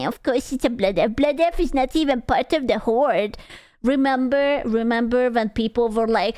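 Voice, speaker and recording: Young woman streamer, smooth high-ish voice, dry close mic, crude jokes, frequent restarts. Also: measured pace, darkish tone, no echo. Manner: chatty, crude, jokey, with stumbling restarts. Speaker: VTuber streamer reacting to a video. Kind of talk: casual reaction commentary.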